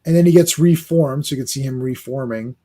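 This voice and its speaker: A man's voice: mid-range voice, a little fast, warm tone. A man hosting a casual chat, talking animatedly with lots of fillers and often acting out the characters he describes. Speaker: host.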